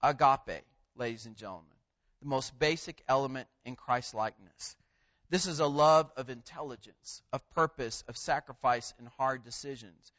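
A man preaching a sermon, measured and emphatic, pausing on key words. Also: medium pitch, fairly bright tone, muffled recording.

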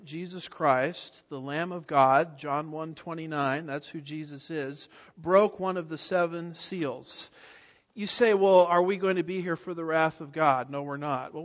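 A man's voice: fairly high pitch, fairly bright tone. A man preaching a verse-by-verse sermon, emphatic, with rhetorical questions and repeated key words. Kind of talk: expository sermon. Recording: dull audio with long hall reverb.

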